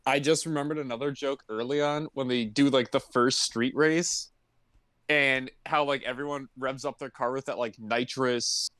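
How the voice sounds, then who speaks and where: A man's voice: mid-range voice, steady tone, normal speed, a bit bright, dry recording, clean studio sound. Laid-back podcast co-host man. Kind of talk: casual movie review chat.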